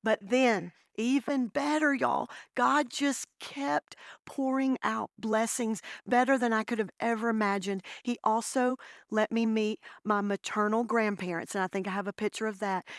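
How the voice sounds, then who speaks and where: A woman giving a heartfelt personal testimony to a church breakfast gathering, telling her story warmly to the listeners. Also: medium pitch, moderate pace, smooth, no room sound, clean studio sound. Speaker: guest speaker.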